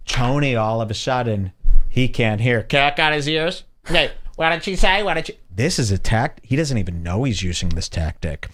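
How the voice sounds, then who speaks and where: A man's voice: mid-range voice, normal speed. A man hosting a podcast, scornfully commenting on clips he plays. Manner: scornful, animated storytelling. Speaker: podcast host. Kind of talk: casual commentary over clips.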